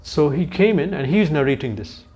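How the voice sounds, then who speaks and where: A man's voice: a little high, animated, normal speed, a little mellow, slightly rough. Man giving a conversational scripture talk. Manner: conversational storytelling with asides to listeners; searches for words mid-sentence. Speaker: spiritual lecturer. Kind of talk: scripture lecture to a youth group.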